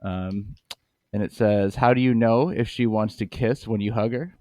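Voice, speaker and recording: A man's voice: fairly low pitch, steady tone, normal speed, warm tone, dry recording, clean studio sound. A man co-hosting a comedy snack podcast, reading articles aloud and laughing often. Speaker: podcast co-host. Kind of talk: casual comedic chat.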